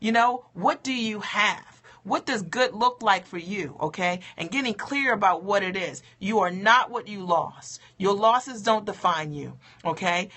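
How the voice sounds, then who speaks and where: With a fairly high, sharp-toned voice, this woman coaches mothers in business through an upbeat motivational livestream talk. She's encouraging and often checks in with listeners by asking "okay?" and "right?"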